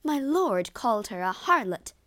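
A woman's voice: medium pitch, very animated, measured pace, no echo. A woman voicing an outspoken, loyal maidservant who speaks indignantly and insists.

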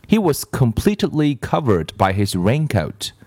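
A man reading a children's story aloud, slow and expressive. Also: mid-range voice, dry recording, studio quality.

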